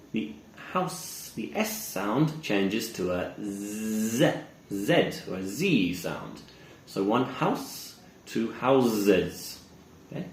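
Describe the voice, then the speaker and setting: A man teaching English pronunciation, slowly modeling words and repeating examples. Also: medium pitch, slight background noise. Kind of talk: pronunciation lesson. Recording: echoey room with faint ambience.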